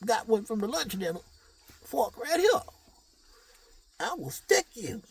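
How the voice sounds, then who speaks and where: A man voicing a grudge-holding old gang member in his seventies, ranting and making high-pitched threats. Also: sing-song, a little slow, vocal fry, breathy edge, recorded from a distance, exaggerated voice. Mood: belligerent.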